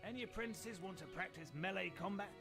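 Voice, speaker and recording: A man voicing an older male guild trainer in a video game, brisk, formal and encouraging, over game music. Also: high-pitched, creaky. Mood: instructive. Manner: formal, instructive. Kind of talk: video game character dialogue.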